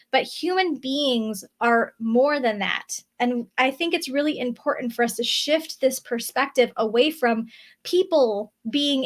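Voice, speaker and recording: A woman vlogger talking casually to camera from her desk, often checking in with a quick "right?". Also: fairly high pitch, fairly bright tone. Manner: chatty, often tags on "right?". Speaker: spiritual vlogger. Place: indoors at a desk.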